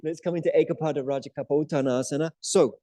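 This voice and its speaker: Chatty man with a mellow voice. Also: on the high side, steady tone, fast talker, rough recording. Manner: chatty and playful, laughs often. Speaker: yoga teacher. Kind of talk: guiding a live yoga class.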